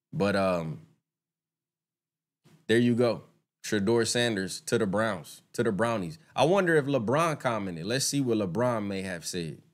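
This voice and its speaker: A man doing casual live-stream commentary, talking straight to his viewers, swearing freely and getting heated and indignant when he rants. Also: mid-range voice.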